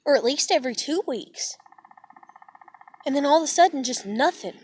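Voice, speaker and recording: A woman's voice: high voice, expressive, normal speed, slight background noise. A woman venting in a heated, profane, rambling monologue. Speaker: vlogger.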